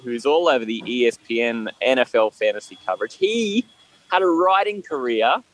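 A man's voice: medium pitch, animated, normal speed, no room sound, poor audio. A man with an Australian accent, a podcast guest chatting casually and laughing at himself. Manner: laughs often, self-deprecating. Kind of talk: casual chat.

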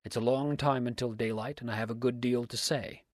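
A man voicing a steady, menacing mountain man who speaks low and level. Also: brisk, dry recording, clean studio sound, natural voice. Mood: cold, steady.

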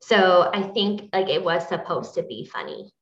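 A woman's voice: lowish voice, sing-song, normal speed, reverberant, lo-fi sound. A woman co-hosting a casual book-club podcast, easygoing and agreeable, often laughing along. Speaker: podcast co-host.

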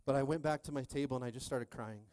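A man preaching a sermon as pastor, telling a personal story animatedly, swinging between hushed and loud, and checking in with the crowd again and again. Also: mid-range voice, fast talker, dry recording, studio quality.

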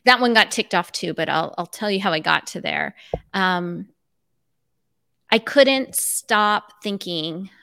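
A woman's voice: medium pitch, gravelly, clear, resonant tone. A middle-aged woman, a life coach, telling a personal story in conversation and acting out remembered dialogue. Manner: animated, acts out remembered dialogue.

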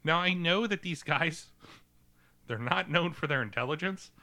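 A man's voice: on the high side, lively intonation, unhurried, sharp tone. A man co-hosting a casual film review podcast, joking and swearing, often restarting his sentences. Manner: joking, profane, stumbles and restarts. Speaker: podcast co-host.

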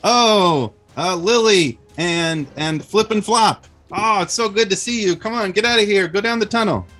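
A man voicing a goblin who happily greets rescued friends in excited exclamations. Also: moderate pace, soft background music. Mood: joyful. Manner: excited, high squeaky exclamations.

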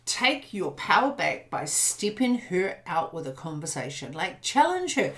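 A woman's voice: on the low side, very animated, a little slow. A woman co-hosting a podcast in casual chat. She is blunt and swears freely. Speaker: podcast co-host.

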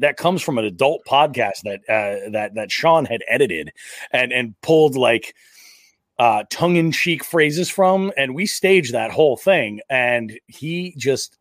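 Male podcast host, mid-pitched, eager rambling chat, dry close mic. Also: lively intonation, a little slow, fairly bright tone, no echo. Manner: enthusiastic, rambling storyteller. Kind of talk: casual chat.

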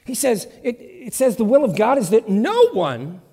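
A man's voice: very high voice, huge pitch swings, normal speed, a little mellow, breathy edge. A man preaching a sermon as pastor, in an emphatic, conversational way with lots of repetition. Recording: long church reverb.

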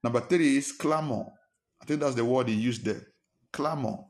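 A man's voice: mid-range voice, moderate pace, darkish tone. Emphatic male preacher. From Nigeria. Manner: emphatic, fires rhetorical questions, acts out quarrels in a raised voice. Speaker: pastor. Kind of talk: sermon.

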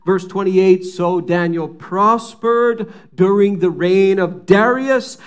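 Preacher, male, higher-pitched voice, storytelling sermon delivery, acts out the quotes. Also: slow, smooth. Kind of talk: sermon retelling a scripture story.

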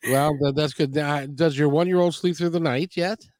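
A man's voice: on the high side, steady tone, moderate pace, darkish tone, no room sound, clean studio sound. A man hosting a radio talk show, chatting loosely with many restarts and fillers. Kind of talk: casual interview.

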